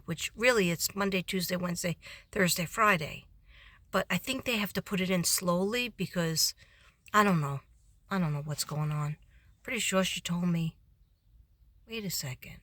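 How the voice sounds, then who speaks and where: Chatty tired woman, bright dry voice. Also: mid-range voice, normal speed, no echo. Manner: chatty, rambling, laughs often, quotes others in raised voice. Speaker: substitute teacher vlogger. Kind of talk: casual storytelling vlog.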